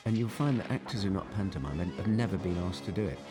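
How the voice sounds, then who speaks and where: Older man, very deep voice, rambling actor chat, film music behind. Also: expressive, quick pace. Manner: rambling, repeats words while thinking. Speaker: actor guest on a film commentary. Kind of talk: relaxed commentary chat. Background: film soundtrack playing.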